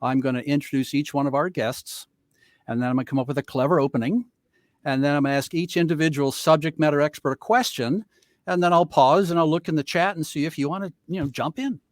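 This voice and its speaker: A man's voice: on the high side, quick pace, no echo, studio quality. A man moderating an online panel, introducing guests with playful teasing jokes over a video call. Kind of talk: joking webinar moderation.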